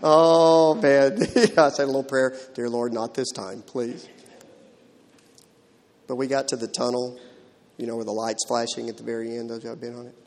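A man's voice: mid-range voice, level tone, a little fast, a little mellow, slight background noise. A man preaching a sermon as pastor, driving his points home with emphatic rhetorical questions in a church. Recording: long hall reverb.

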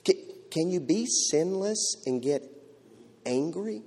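Dramatic preacher in a reverberant hall. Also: male voice, on the high side, lively intonation, slow, breathy edge. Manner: dramatic, shifting from loud to hushed. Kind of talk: sermon.

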